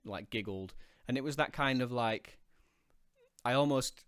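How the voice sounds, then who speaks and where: A man's voice: mid-range voice, unhurried, fairly bright tone, smooth, no room sound. Thoughtful man, dry close sound. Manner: reflective, thoughtful, hesitant with fillers. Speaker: guest caller. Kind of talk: casual video-call chat.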